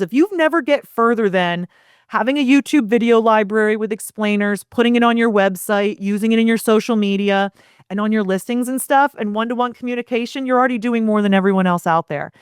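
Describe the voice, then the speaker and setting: A woman's voice: mid-range voice, clean tone, dry recording, clean studio sound. A woman talking energetically as a podcast guest, acting out example messages as she explains. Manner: energetic, animated, acts out quoted lines. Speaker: guest, property management founder. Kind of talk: casual interview chat.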